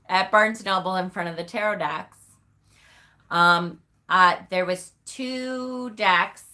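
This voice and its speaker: A woman's voice: mid-range voice, sharp tone. A woman hosting a casual livestream, chatting with viewers, answering their comments by name and calling them honey in an effusive, emotional way. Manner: gushing, emotional. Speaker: livestream host. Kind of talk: casual live chat with viewers.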